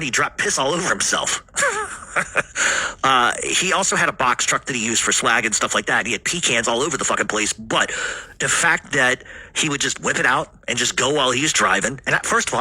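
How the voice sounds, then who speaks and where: Husky, forceful man telling a rambling story. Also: medium pitch. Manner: rambling, heavy swearing, frequent fillers. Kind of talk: casual family storytelling.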